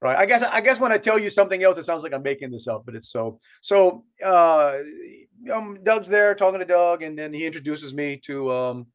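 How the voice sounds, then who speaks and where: On a podcast, a man with a South Louisiana accent rambles through a lengthy story with many restarts, chatting casually as a co-host. His voice sits on the high side, with lively intonation and a fairly quick pace.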